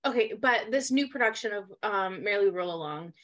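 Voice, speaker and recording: A young adult woman co-hosting a casual podcast chat about musical theater, excitable and blunt, swearing casually. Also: medium pitch, brisk. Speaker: podcast co-host.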